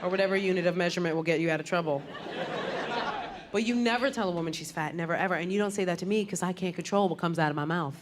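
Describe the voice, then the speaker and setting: A woman comedian doing a stand-up set, brash and animated, landing blunt punchlines. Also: lowish voice, rapid-fire. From Puerto Rican heritage. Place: comedy stage before a crowd. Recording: live club with loud audience laughter and noise.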